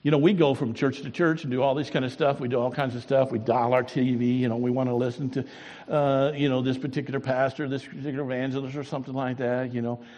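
A man preaching a sermon as pastor, swinging from booming emphasis to hushed, drawn-out words. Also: little pitch movement. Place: church sanctuary. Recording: long hall reverb.

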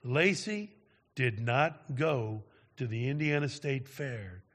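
A man's voice: mid-range voice, expressive, slow, fairly bright tone. A man preaching, telling a story dramatically and often checking in with "all right?". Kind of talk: sermon storytelling. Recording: long reverb of a large hall.

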